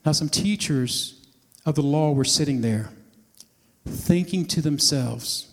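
A man with a high voice preaches to a congregation, telling a story and slipping into the voices of its characters as he goes. His words ring out with a long reverb, the sound of a large hall. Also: takes it slowly. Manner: storytelling, acting out voices of the scene. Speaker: pastor. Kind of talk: sermon.

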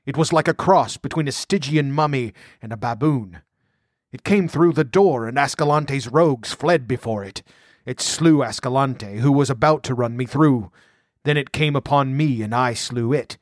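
Man playing a gruff barbarian king, growling, forceful, storybook reading, dry sound. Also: medium pitch, moderate pace, no room sound, natural voice. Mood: wrathful. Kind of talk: audiobook character voice.

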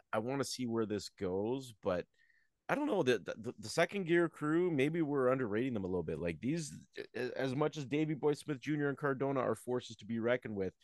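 A man's voice: mid-range voice, dry recording, clean studio sound. A man co-hosting a casual chat, needling his partner with teasing banter. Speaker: podcast co-host.

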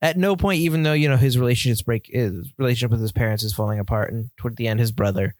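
A man co-hosting a casual movie chat, upbeat and quick to chuckle. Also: mid-range voice, darkish tone, no room sound, clean studio sound. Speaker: podcast co-host.

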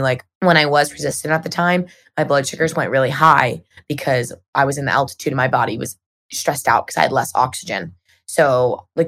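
Low, gravelly young woman, upbeat. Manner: upbeat, chatty, many "like" fillers. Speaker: podcast co-host. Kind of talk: casual podcast chat.

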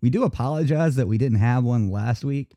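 A man's voice: mid-range voice, a little fast, dark tone, dry recording. A man hosting a live internet radio talk show, chatting loosely and laughing as he goes. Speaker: host. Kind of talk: casual live radio chat.

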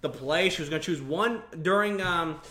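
Brief: young male co-host, high and very bright voice, swears and restarts a lot. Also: moderate pace. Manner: profane, rambling storytelling with many restarts. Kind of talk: casual chat. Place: studio under bright lights. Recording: roomy echo.

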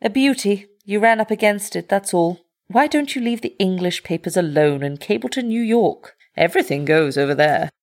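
A woman's voice: medium pitch, animated, moderate pace, few pauses, lightly acted. A woman reading the lines of a worldly male English writer who teases his companion with wry remarks. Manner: wry, teasing.

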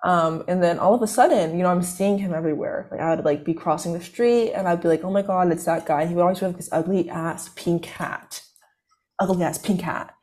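Young woman, college student, casual rambling story, lots of fillers, lowish voice. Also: a little fast, darkish tone. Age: young adult. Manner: rambling, filler-heavy, self-interrupting.

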